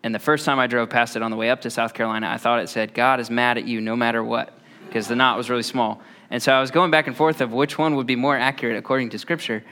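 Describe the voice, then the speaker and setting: A man in his thirties giving a conversational sermon, relaxed and often pausing on "uh" between thoughts. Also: medium pitch. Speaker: preacher.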